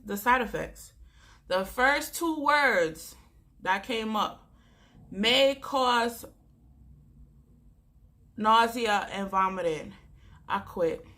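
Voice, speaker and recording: A woman's voice: medium pitch, a bit bright. A young woman from Jamaica, chatting casually and animatedly to her vlog viewers. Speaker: vlogger.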